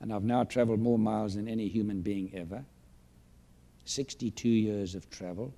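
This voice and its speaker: A man's voice: on the low side, fairly even intonation, normal speed, dark tone. A man in his late seventies giving a boastful, emphatic and sentimental motivational speech to an audience in a large room. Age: 70s. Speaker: speaker addressing an audience.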